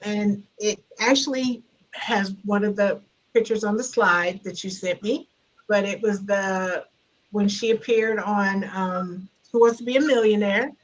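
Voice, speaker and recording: A middle-aged woman guest speaker telling a personal story over a video call, animated and laughing as she gets louder. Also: mid-range voice, a little slow, rough recording. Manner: animated, grows loud and laughing in retelling. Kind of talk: storytelling in a conversation.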